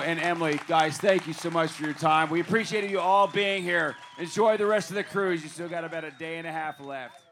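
A man moderating a live panel, thanking the panelists and closing the session in a brisk, friendly way. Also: fairly high pitch, a bit bright, a little hiss or hum.

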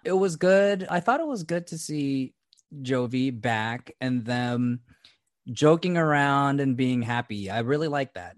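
A man co-hosting a casual podcast, animated and laughing often, cursing freely as he chats. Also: mid-range voice, no room sound, clean studio sound. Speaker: podcast co-host.

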